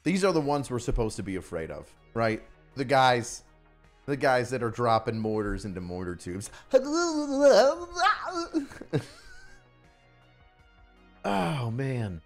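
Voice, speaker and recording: A man's voice: mid-range voice, expressive, moderate pace, soft background music. A man giving profane, mocking live-stream commentary on a news video, often bursting into laughter.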